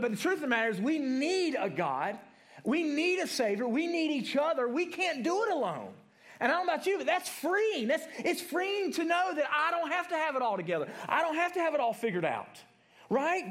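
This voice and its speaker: A man's voice: very high-pitched, fairly bright tone. A man giving a conversational sermon to adults, often asking the room questions and ending points with "right?", with many repeated words and restarts. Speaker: preacher.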